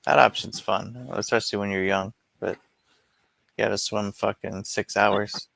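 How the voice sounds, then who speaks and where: A man's voice: lowish voice, fairly even intonation, moderate pace, vocal fry, a bit bright. A young man in casual chat, telling long profane stories in a rambling way.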